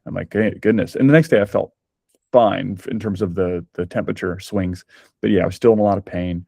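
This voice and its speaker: A man, a guest on a podcast, tells his story in a candid, chatty way. His voice sits a little low. The recording is dry, with no room sound. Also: brisk, creaky, darkish tone, husky, no echo. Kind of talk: casual conversation.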